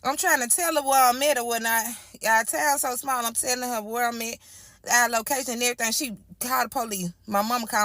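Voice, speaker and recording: A woman's voice: a little high, steady tone, fast, a bit bright, dry recording. A woman telling her own story in casual storytime style, chatty and repetitive, talking straight to her listeners. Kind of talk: casual first-person storytime.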